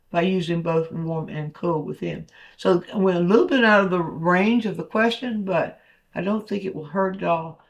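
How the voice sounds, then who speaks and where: A man's voice: high-pitched, a bit bright. A man, a painting instructor, talking through a demonstration as he paints, thinking aloud with fillers and restarts.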